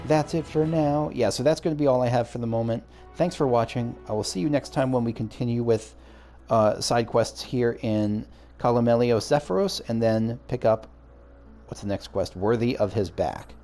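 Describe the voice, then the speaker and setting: A man's voice: medium pitch, normal speed, warm tone, faint music behind. A young man chatting casually as he plays through a story game, trailing into rambling asides. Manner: rambling, self-correcting asides. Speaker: let's play host.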